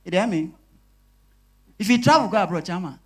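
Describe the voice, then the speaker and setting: A young man with a Nigerian accent doing stand-up comedy in Pidgin, animated and switching voices for his characters. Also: high voice, a little fast, breathy edge. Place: live comedy show stage.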